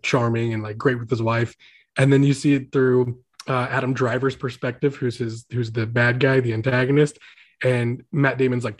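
A man's voice: mid-range voice, darkish tone, slightly rough. A man hosting a casual chat, rambling with lots of filler words. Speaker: podcast host.

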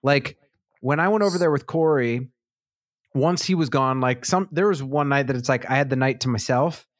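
A man's voice: mid-range voice, moderate pace, no room sound, studio quality. Rambling, jokey male podcast co-host. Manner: rambling, laughing, jokey asides. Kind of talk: casual chat.

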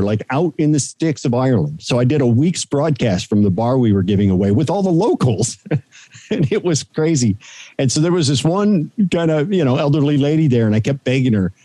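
A man with a dark, mellow voice recalls his radio days in a relaxed, storytelling way. The sound is dry and close, with no room around it. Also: fairly high pitch, a little fast, no room sound. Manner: storytelling, animated anecdotes. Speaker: radio broadcaster guest. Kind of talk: casual interview chat.

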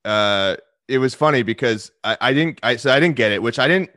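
Rambling man with a bright, dry voice. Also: mid-range voice, lively intonation, fairly quick, no echo. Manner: rambling, with frequent restarts and fillers. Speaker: podcast guest. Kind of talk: casual chat.

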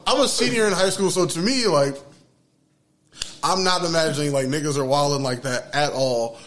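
A young man telling a story in casual podcast chat, animated and laughing as he talks. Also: a little high, moderate pace, a little hiss or hum. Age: young adult.

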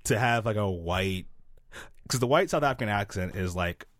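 A man from Zimbabwe chatting casually on a podcast, telling stories in an animated, slangy way with lots of fillers. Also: fairly low pitch, normal speed, dry recording, studio quality.

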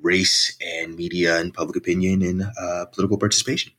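A man with a very low voice and a bright, forceful tone, explaining his research in a measured, articulate way. He sounds like a professor in his thirties answering an interviewer's questions. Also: flat delivery. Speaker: author and political science professor.

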